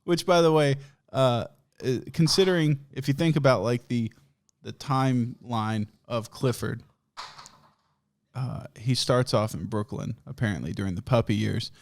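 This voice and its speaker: A man's voice: medium pitch, normal speed, vocal fry, a little hiss or hum. Crude, laughing podcast guy. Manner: crude, profane, rambling, often laughing. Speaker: podcast host. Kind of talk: casual comedic storytelling.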